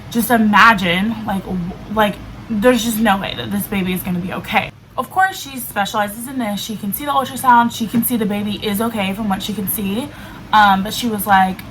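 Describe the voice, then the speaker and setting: A woman's voice: medium pitch, normal speed, fairly bright tone, poor audio. A woman in her twenties casually telling a personal story to camera, filling her talk with "like". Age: 20s. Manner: chatty, fills speech with "like". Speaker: vlogger. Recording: faint background noise, level cutting in and out.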